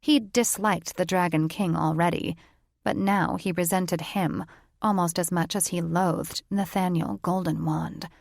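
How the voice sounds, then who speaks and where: A woman reads a fantasy audiobook in a slow, measured way, her voice fairly low with a gravelly fry. The recording is close and dry, with no room sound. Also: steady tone, dry recording. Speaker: audiobook narrator. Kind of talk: scripted narration.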